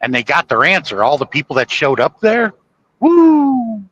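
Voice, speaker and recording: Opinionated male podcast host from the U.S., bright forceful tone, rambling storyteller. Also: medium pitch, big pitch swings, brisk, highs cut off. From United States. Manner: opinionated, storytelling with acted quotes. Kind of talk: casual political chat.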